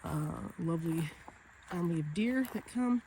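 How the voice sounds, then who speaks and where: A woman's voice: on the low side, lively intonation, normal speed, dark tone, poor audio. A woman chatting casually while walking outdoors, bubbly and laughing often, with many fillers and restarts. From Northern California. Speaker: vlogger. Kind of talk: walking nature vlog. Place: outdoors, rural property. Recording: faint outdoor background noise.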